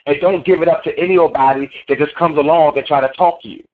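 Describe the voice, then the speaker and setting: A man's voice: a little high, steady tone, fast talker. A man giving a motivational sales training talk in an emphatic, preachy way, repeating his key phrases. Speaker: network marketing trainer. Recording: tinny phone line.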